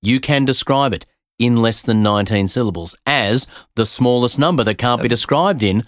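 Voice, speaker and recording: A man's voice: medium pitch, normal speed, no room sound, clean studio sound. A man hosting a science podcast, explaining a puzzle in a playful, teasing way. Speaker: podcast host. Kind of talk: casual science chat.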